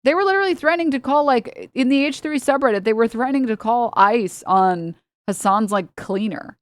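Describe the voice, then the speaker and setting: A woman's voice: on the high side, animated, brisk, no echo, clean studio sound. A young woman from the United States, a streamer giving heated, sarcastic political commentary and laughing between points.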